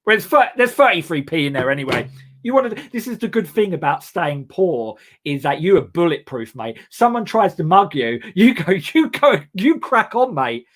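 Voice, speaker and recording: A young man from England hosting a casual comedy chat show, rambling and self-mocking with many halting restarts. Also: sits high, sing-song. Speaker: host.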